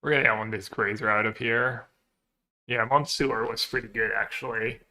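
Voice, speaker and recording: Guy streaming a card game, bright voice, mumbling his plays half to himself. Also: medium pitch, fairly even intonation, moderate pace. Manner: thinking aloud, muttering plays to himself. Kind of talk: casual stream commentary while playing.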